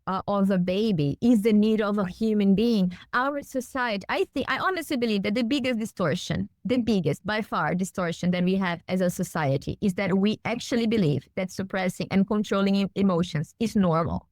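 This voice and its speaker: A woman's voice: mid-range voice, brisk, hardly any pauses, a little mellow, no echo. A woman guest on a podcast, speaking earnestly and emphatically, building her points with repeated phrases. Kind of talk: heartfelt conversational podcast talk.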